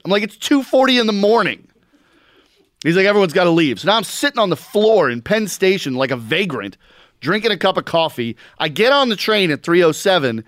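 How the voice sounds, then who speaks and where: A man's voice: a little high, a bit bright, dry recording, clean studio sound. A man co-hosting a sports podcast, telling stories in a laid-back, wry way. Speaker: podcast co-host. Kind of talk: casual sports chat.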